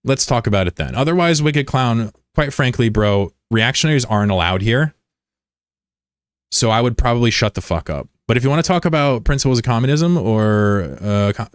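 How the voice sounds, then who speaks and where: A man's voice: mid-range voice, animated, fairly quick, smooth, dry recording, clean studio sound. A man from the United States streaming live and chatting casually with viewers, blunt and profane, arguing with critics in the chat. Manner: blunt and profane, often swearing; argumentative when answering critics. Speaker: livestreamer.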